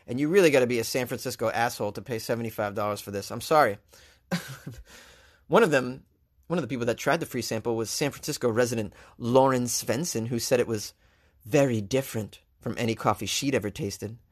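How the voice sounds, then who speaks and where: A man's voice: mid-range voice, a little fast. A man hosting a comedic news commentary, reading headlines and riffing on them sarcastically. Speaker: host.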